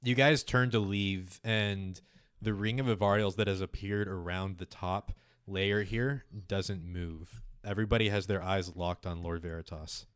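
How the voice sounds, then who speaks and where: Low-voiced man narrating a tabletop game. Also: unhurried, clear, resonant tone, no echo, clean studio sound. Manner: lively, descriptive narration. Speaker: game master.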